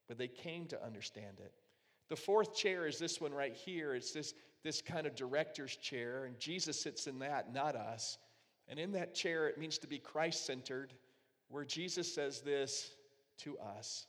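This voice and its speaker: A man preaching a sermon as pastor, earnest and emphatic, dropping to a hushed voice when he quotes prayers. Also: medium pitch, in a large hall.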